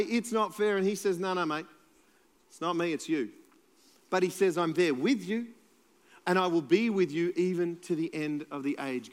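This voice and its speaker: A man preaching a sermon as pastor, earnest and moving between urgent and hushed delivery. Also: fairly high pitch. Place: church hall. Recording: long church reverb with faint music.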